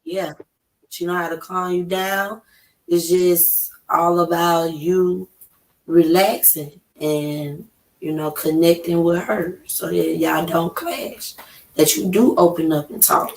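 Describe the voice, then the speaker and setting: A woman from Atlanta with an Atlanta Southern accent, talking loudly and emphatically with lots of profanity as a podcast guest in casual chat. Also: on the low side, fairly even intonation, slow pace. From Atlanta, USA. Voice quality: loud, profane, emphatic delivery. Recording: roomy with faint noise.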